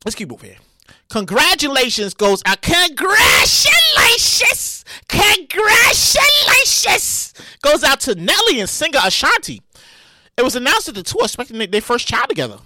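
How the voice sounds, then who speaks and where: A man hosting a solo podcast, whose voice swings wildly between low mutters and high yelps. His tone is bright and sharp, and the dry sound carries little room. He talks straight to his listeners, casual and profane, with sudden loud outbursts. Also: huge pitch swings, quick pace, no room sound. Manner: addresses listeners directly. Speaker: podcast host.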